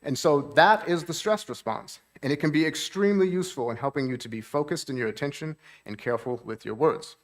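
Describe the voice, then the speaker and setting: A man's voice: on the high side, a little fast, hardly any pauses. Man teaching a church seminar on trauma. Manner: explains plainly, checks in with the audience; voice lifts to act out moods. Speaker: therapist. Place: church hall with audience.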